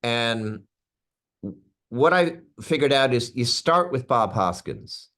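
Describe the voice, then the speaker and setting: A man in his sixties, an actor appearing as a guest, chats casually in an interview. His voice sits at a medium pitch and he talks slowly, telling stories with animation and plenty of asides and restarts.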